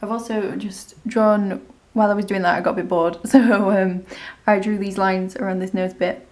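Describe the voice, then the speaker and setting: A woman's voice: mid-range voice, little pitch movement, normal speed, darkish tone, echoey room. A woman talking through a makeup tutorial in a chatty, rambling, self-deprecating way. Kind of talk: casual step-by-step tutorial narration.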